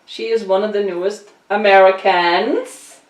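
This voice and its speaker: A middle-aged woman from Germany hosting a casual chat, telling animated stories and laughing often. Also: medium pitch, measured pace, muffled recording, very noisy. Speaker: podcast host. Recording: roomy echo, distant mic.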